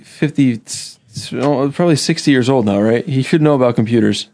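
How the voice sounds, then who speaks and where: A man's voice: medium pitch, fairly quick, darkish tone. A man co-hosting a casual podcast, dropping wry, teasing comments. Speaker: podcast co-host. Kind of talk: casual chat.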